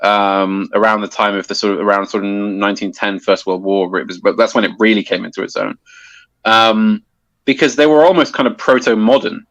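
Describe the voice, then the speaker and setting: A man's voice: lowish voice, steady tone, fairly quick, a bit bright, dry recording, lo-fi sound. A man explaining a topic in casual conversation, hesitant with many restarts and fillers. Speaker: guest explaining poetry.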